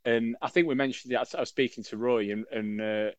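A man's voice: medium pitch, steady tone, brisk, no echo. A middle-aged man co-hosting a casual podcast, rambling and joking with lots of fillers and self-corrections. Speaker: podcast co-host. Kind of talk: casual chat.

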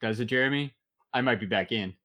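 A man's voice: medium pitch, a little fast, highs cut off. A man hosting a casual podcast chat, rambling and laughing easily as he talks. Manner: lively, laughs often, rambling. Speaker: podcast host.

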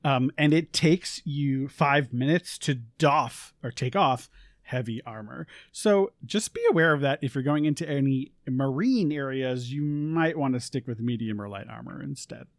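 A man's voice: medium pitch, moderate pace, creaky, no room sound, clean studio sound. A man co-hosting a podcast, casually explaining tabletop game rules with many fillers and asides. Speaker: co-host.

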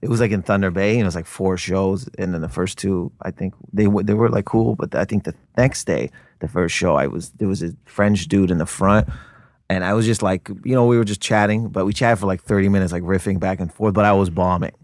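A man's voice: sits low, fairly quick, darkish tone, dry recording. A man comedian from Canada, telling a rambling, laid-back story in a podcast studio. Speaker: comedian guest. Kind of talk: casual chat.

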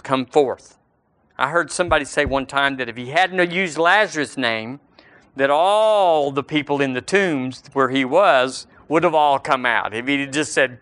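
Bright-voiced preacher. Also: male voice, medium pitch, dry recording. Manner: emphatic preaching, slows for scripture and rises on key words. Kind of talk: sermon.

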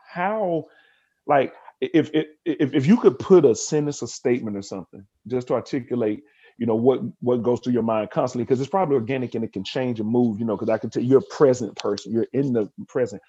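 A man's voice: medium pitch, fairly quick, dark tone, breathy edge, muffled recording. A man hosting a podcast interview, rambling with many restarts and openly moved. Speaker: podcast host. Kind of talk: emotional interview conversation.

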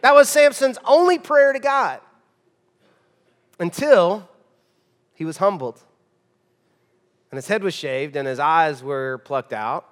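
Brief: male pastor, emphatic conversational sermon, slightly high voice, church hall reverb. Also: expressive, takes it slowly, pauses often. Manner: conversational, emphatic, shifts between loud and hushed.

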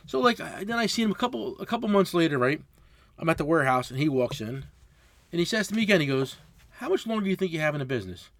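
A man's voice: on the high side, fast, creaky, dry recording. A middle-aged man, a tool truck dealer, telling a long story in casual chat, swearing freely and acting out both sides of the conversation. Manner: profane, animated storyteller acting out quotes.

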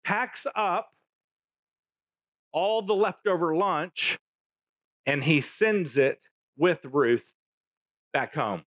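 A man's voice: on the high side, extremely slow, long pauses, no room sound. A male pastor, preaching a sermon and retelling a story with jokey asides. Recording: dull, dry, lo-fi.

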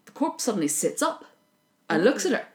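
A woman, casually retelling a folk tale on a chat podcast with a playful, lively manner. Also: mid-range voice. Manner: lively, playful, puts on quick voices for characters.

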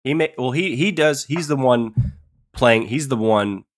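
A man's voice: medium pitch, expressive. Joking podcast co-host, man. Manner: joking, quick with quips. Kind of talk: casual conversation.

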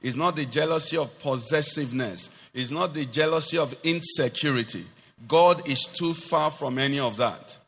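A man's voice: on the high side, moderate pace, fairly bright tone, big-room sound, faint music behind. A man preaching a sermon to a congregation, asking questions and rising into emphatic declarations.

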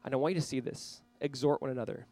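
A man's voice: medium pitch, fairly even intonation, fast talker, warm tone, poor audio. A man preaching a sermon as pastor, earnestly urging his listeners. He speaks straight to a camera for viewers watching online.

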